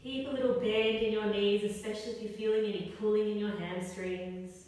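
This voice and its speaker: A young adult woman teaching a guided yoga class for children, giving gentle, encouraging step-by-step cues. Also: medium pitch, steady tone, fairly quick. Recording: echoey hall, voice from far off.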